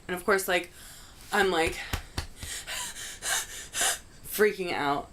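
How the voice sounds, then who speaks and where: A young woman speaks in a fairly low voice, telling a story in a loose, chatty way. Her talk is full of "like" and the odd curse word. Faint crickets and insects sound in the background. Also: takes it slowly, fairly bright tone, slight background noise. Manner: chatty, heavy use of "like", frank swearing. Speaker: vlogger. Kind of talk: casual storytelling.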